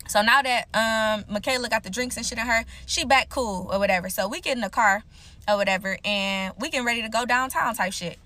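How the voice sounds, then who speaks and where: A young woman telling a casual storytime to her viewers, animated and slangy, with frequent profanity. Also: on the high side, fairly quick.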